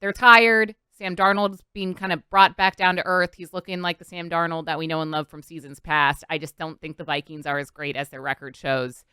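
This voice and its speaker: A woman's voice: lowish voice, little pitch movement, brisk, hardly any pauses, bright, forceful tone, clear, resonant tone, no room sound, clean studio sound. A woman co-hosting a sports talk show, confident and opinionated, with many fillers. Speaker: sports radio co-host. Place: Philadelphia radio studio.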